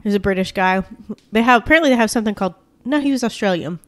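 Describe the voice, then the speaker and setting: Young woman telling a funny story. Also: medium pitch. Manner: animated storyteller, quick reactions. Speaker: podcast co-host. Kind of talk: casual chat.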